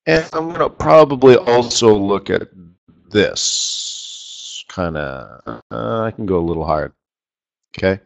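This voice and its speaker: A man's voice: on the low side, lively intonation, measured pace, vocal fry, long pauses. A man hosting a live forex trading session, chatty and rambling, tossing questions to his viewers as he goes.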